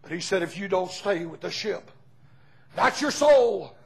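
A man preaching a revival sermon, folksy storytelling that bursts into shouts. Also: high-pitched, expressive, measured pace, creaky, breathy edge, rough recording.

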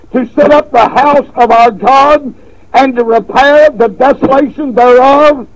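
A man preaching a revival sermon, telling a folksy story with repeated words, then stressing points with slow emphasis. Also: extremely high pitch, low-quality recording.

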